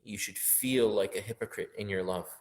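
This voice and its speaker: A man's voice: lowish voice, normal speed. A man teaching a religious lesson on a poem, speaking with feeling and rising to emphatic peaks. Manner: impassioned, building up to loud emphatic peaks, sometimes half-singing verses.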